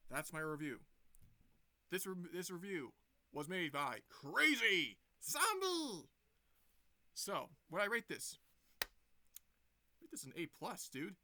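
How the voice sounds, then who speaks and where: A man's voice: on the high side, bright, forceful tone, no echo. A young man casually retelling a movie plot for his review, rambling with lots of restarts. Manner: rambling, many fillers and restarts.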